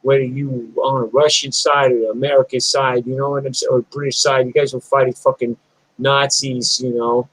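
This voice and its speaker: A middle-aged punk musician ranting in a blunt, rambling, profane monologue vlog. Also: male voice, mid-range voice, little pitch movement, normal speed, fairly bright tone, breathy edge, dry recording, rough recording.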